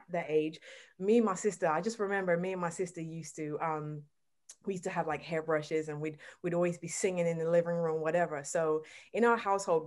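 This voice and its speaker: Low-voiced British woman, mixed accent. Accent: British, mixed with American. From England. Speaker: guest singer. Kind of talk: casual interview talk.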